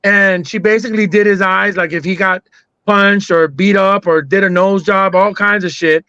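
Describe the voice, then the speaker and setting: Male host, bright high voice, casual profane banter, muffled. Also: fairly even intonation, normal speed, dry recording. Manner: loose, profane, joking. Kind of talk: casual chat.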